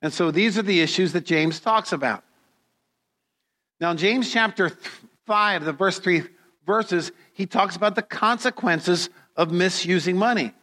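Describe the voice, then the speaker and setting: A middle-aged man preaching a sermon as pastor, speaking slowly and deliberately, with dramatic storytelling. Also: sits high, sharp tone, in a large hall.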